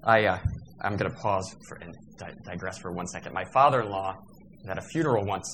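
A man lecturing at a workshop, voice sitting on the lower side. He wanders into digressions and corrects himself mid-sentence, with a faint hiss of noise behind him. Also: brisk, vocal fry. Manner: discursive, digressive, with fillers and self-corrections.

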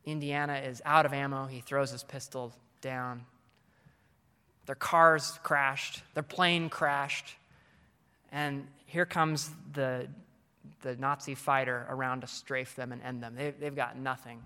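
A man's voice: medium pitch, fairly even intonation, slow pace, bright, forceful tone, clear, resonant tone. A man giving a conference talk to fellow teachers, earnest and coaching in tone, with frequent ums and restarts. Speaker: teacher speaking to fellow educators. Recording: long hall reverb.

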